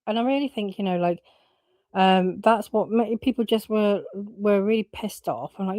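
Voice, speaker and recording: A woman's voice: medium pitch, moderate pace, a little mellow, no room sound. A woman giving casual opinion commentary, blunt and opinionated, swearing and using lots of fillers.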